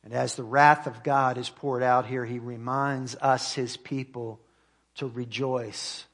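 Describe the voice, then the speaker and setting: A man preaches in an earnest voice of middling pitch. He reads scripture with swelling emphasis and then slows, dropping quietly at the ends of his lines. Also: fairly even intonation. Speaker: pastor. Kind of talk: sermon.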